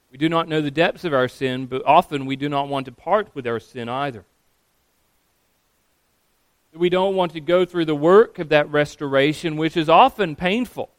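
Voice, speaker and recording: A pastor giving a sermon, earnest and steady, sometimes acting out quoted voices. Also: male voice, on the high side, no room sound.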